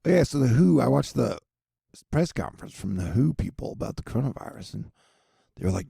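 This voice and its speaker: Gravelly, rambling man vlogging. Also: medium pitch, sing-song, fairly quick, mellow, no echo, clean studio sound. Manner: joking, rambling, many asides. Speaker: weather and news video host. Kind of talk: casual rambling commentary.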